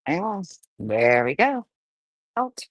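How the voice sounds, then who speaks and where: A woman's voice: on the low side, sing-song, slow pace, no room sound, dull audio. A woman breeding dogs, casually livestreaming while she firmly coaxes a wriggling puppy, talking in a folksy way. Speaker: dog breeder.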